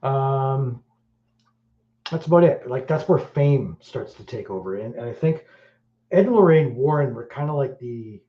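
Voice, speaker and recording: A man's voice: mid-range voice, lively intonation, a little slow. A middle-aged Welsh man hosting a podcast in casual chat, blunt and crude, rambling with many fillers. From Wales. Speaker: podcast host. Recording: roomy, dull lo-fi sound.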